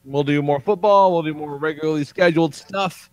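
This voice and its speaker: A man's voice: fairly high pitch, a little fast, a little mellow, dry recording. A man hosting a podcast, chatting casually and swearing freely as he wraps up the show. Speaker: podcast host. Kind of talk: casual chat.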